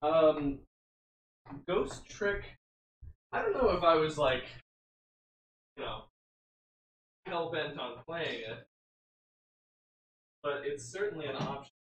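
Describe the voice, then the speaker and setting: A co-streamer chatting loosely on a live stream, rambling with lots of fillers. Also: mid-range voice. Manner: lively, meandering, lots of fillers. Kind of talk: casual live stream chat. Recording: distant echoey room mic.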